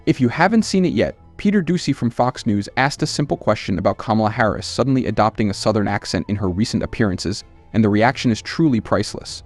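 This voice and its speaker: A man with a fairly low voice reads scripted political commentary as the host of his channel. He sounds scornful and emphatic, pressing each point, with soft music playing under his voice. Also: lively intonation, fast.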